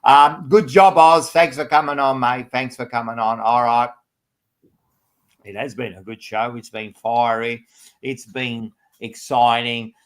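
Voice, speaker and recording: Excitable man hosting a footy panel. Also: measured pace. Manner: teasing, excitable, rising pitch when ribbing others. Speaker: podcast panel host. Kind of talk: lively sports panel banter.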